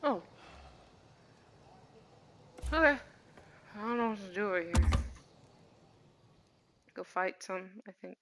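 A woman casually commenting on a game she plays, chatty and animated with lots of slang. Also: medium pitch, moderate pace, long pauses, a little hiss or hum. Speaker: gaming streamer. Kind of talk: casual let's-play commentary.

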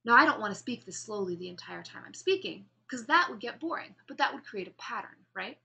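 A woman lectures a class on public speaking in a bright, ringing voice pitched a little high. She explains each idea and then demonstrates it, slowing down and pausing to show what she means. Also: expressive, creaky. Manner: explanatory, demonstrates pace and pauses while speaking.

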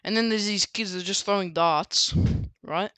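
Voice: medium pitch, moderate pace, pushed and bright, no room sound. A book reviewer casually recapping a story, rambling with many fillers and restarts.

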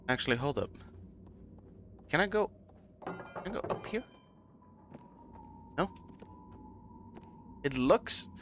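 A man casually commenting on a game as he plays, rambling and chuckling at himself. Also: medium pitch. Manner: rambling, self-mocking, laughs often. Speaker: gaming channel host. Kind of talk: casual let's play commentary.

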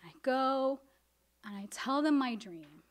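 A woman telling a personal story on stage, animated and expressive, acting out what her family said. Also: high-pitched, unhurried. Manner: animated, acts out family dialogue. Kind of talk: live storytelling performance.

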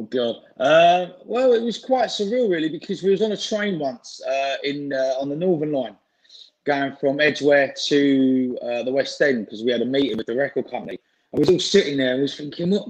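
A man's voice: medium pitch, poor audio. A man, chatting informally as an interview guest on a video call, full of fillers and restarts. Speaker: interview guest, singer and actor. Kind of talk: casual chat.

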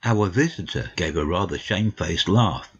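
A man narrating a dramatic audiobook reading in a deliberate, expressive way. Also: deep voice, slightly rough, highs cut off.

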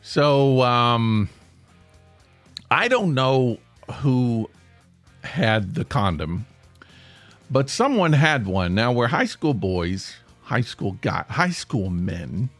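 Lively, animated male podcast storyteller. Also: medium pitch, gravelly, dry recording. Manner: animated, self-deprecating, laughs mid-sentence. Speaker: podcast host. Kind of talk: comic storytelling.

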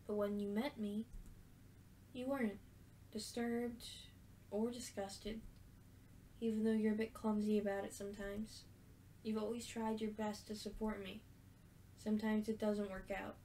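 A woman reading aloud the lines of a hurt but gentle young woman from a story game, in an earnest voice. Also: medium pitch, flat delivery, unhurried, pauses often, slight background noise, natural voice. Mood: tender.

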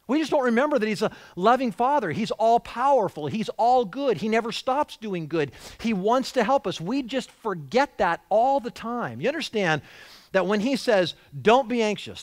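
A man preaching a sermon with a high, very lively voice that swings up and down. He speaks conversationally but with emphasis, repeating and restarting phrases as he goes. The sound is close and dry. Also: no echo. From United States. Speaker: pastor. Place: church.

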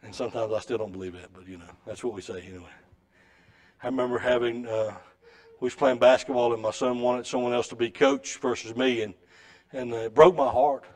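A middle-aged man preaching a sermon in a church, with a folksy storytelling way that swings between loud and soft. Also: mid-range voice, fairly quick. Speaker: pastor. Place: church sanctuary.

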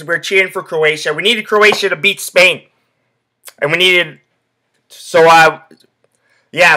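Bright-voiced profane podcast guy. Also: a little high. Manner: profane, rambling storytelling with many fillers. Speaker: podcast host. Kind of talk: casual sports podcast chat.

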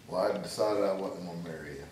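A middle-aged man giving joking marriage advice as a wedding guest, telling stories with a drawn-out, jokey manner. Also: sits low. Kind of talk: joking storytelling. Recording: echoey room, distant mic, noisy.

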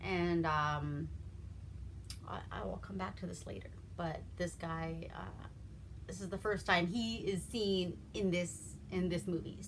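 A woman's voice: on the low side, fairly even intonation, a little slow, slight background noise. A woman from Alaska giving a casual, rambling movie recap, laughing often as she goes. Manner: giggly, rambling, with frequent laughs. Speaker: movie reviewer.

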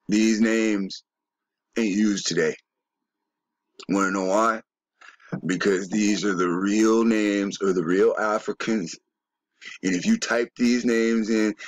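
A man talks slowly and insistently in a rambling monologue, pressing his points with rhetorical questions and curse words. His voice sits at a middle pitch, and the recording is close and dry, with no room sound. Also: dry recording. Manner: emphatic, profane, full of rhetorical questions. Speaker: video commentator.

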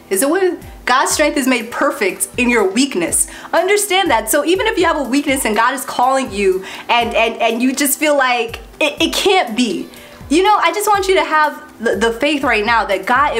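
A woman with a bright, high voice delivers a casual spoken exhortation and then prays. She talks in a lively, preachy way, laughing between points and often repeating words. Soft music plays faintly behind her. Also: moderate pace. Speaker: Christian YouTuber giving an exhortation.

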